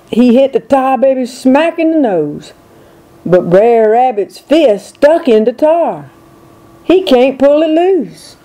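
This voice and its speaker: An older woman reads a folk tale aloud at a very slow, unhurried pace. Her voice is mellow and soft, and she leans into the rhythm of the old dialect. She reads it for her grandchildren. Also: medium pitch. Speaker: storyteller reading to grandchildren.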